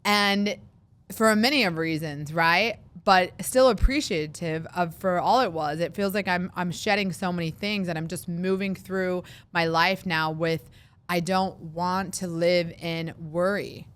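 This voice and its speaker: Chatty woman podcaster, smooth voice. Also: lowish voice. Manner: chatty, animated, acts out worried voices in quick asides. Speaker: podcast host. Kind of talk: casual solo podcast monologue.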